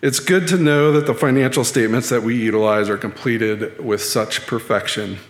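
A man's voice: mid-range voice, normal speed, lightly acted. A man voicing a wry, needling accounting professor. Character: sharp older male accounting professor, probing. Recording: echoey hall.

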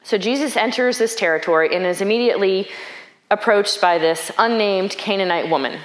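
A woman's voice: medium pitch, brisk, reverberant. A woman preaching a sermon in a reflective, conversational way, thinking aloud and asking questions.

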